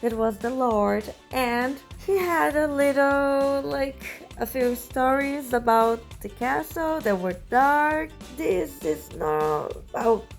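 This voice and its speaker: Slow, chatty woman vlogger. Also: high voice, animated, soft background music. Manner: chatty, repeats words for emphasis. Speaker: travel vlogger. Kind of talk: travel vlog voice-over.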